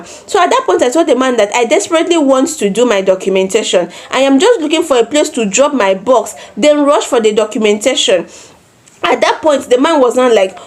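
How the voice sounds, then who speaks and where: A Nigerian woman in her twenties telling a personal story in a vlog, animated, with repeated phrases and acted-out quotes. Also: high voice, a little fast. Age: 20s. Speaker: vlogger.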